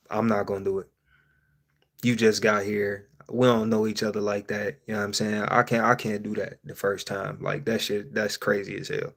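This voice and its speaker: A man hosting a casual live-stream Q&A, swearing freely and joking with viewers, laughing often and swinging between loud outbursts and quiet asides. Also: lowish voice. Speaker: streamer host.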